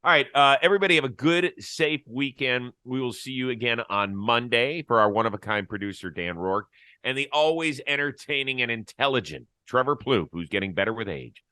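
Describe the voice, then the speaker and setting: A man's voice: medium pitch, expressive, fairly quick, bright, forceful tone, smooth, no echo. A man hosting a sports talk show, chatting in a wry, easygoing way and laughing easily. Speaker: host.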